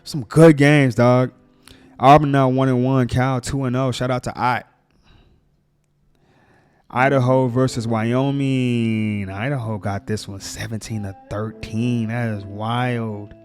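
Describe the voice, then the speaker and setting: A man's voice: mid-range voice, slow pace, clear, resonant tone, no room sound, faint music behind. A man giving a casual, slangy recap of college football scores, hyping players and teams. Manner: slangy, excited hype talk. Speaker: sports vlogger.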